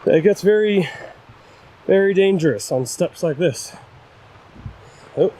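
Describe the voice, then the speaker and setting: A young man with a slightly high voice talks to his viewers while climbing a windy rocky trail. He is out of breath and self-deprecating, chatting as he goes. The sound comes from a mic mounted on his camera outdoors. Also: lively intonation, takes it slowly, warm tone. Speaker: hiking vlogger. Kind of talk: casual vlog narration while hiking. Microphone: camera-mounted shotgun mic. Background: wind.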